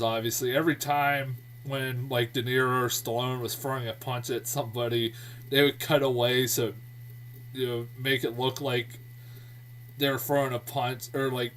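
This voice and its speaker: A man's voice: medium pitch, steady tone, moderate pace, a little hiss or hum. Rambling man reviewing a movie. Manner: rambling, lots of fillers and restarts, laughs to himself. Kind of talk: casual spoken movie review. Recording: voice a bit distant from the mic.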